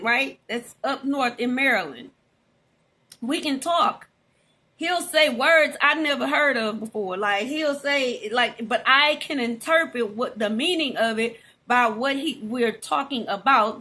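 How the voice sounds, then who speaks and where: A woman's voice: sits high, sharp tone. A middle-aged woman from Louisiana with a Southern US accent, chatting casually to her viewers in a folksy way and laughing often. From Louisiana, USA. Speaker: vlogger. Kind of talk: casual direct-to-camera talk.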